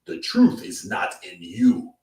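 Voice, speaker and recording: A man putting on an impression of a solemn boxing trainer, with slow, grave denunciations like a preacher. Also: lowish voice, huge pitch swings, vocal fry, darkish tone, reverberant, recorded from a distance, exaggerated voice. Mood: accusing.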